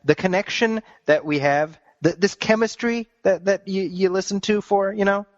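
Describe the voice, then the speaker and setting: A man's voice: high-pitched, moderate pace, no echo. A man hosting a podcast who rambles in casual chat and is amused by himself. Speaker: podcast host. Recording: dry, dull lo-fi sound.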